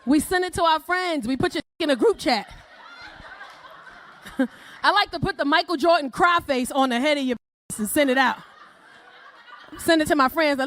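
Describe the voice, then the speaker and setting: On a club stage, a woman performs a bold, brash stand-up set and often laughs at her own jokes. Her high, slightly bright voice moves at normal speed with long pauses, while faint crowd laughter and noise can be heard.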